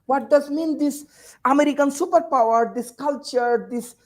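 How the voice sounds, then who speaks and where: A woman's voice: high-pitched, moderate pace, rough recording. A woman from Bangladesh, a university teacher speaking, gives an emotional, urgent panel speech full of repeated phrases and rhetorical questions. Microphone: video call.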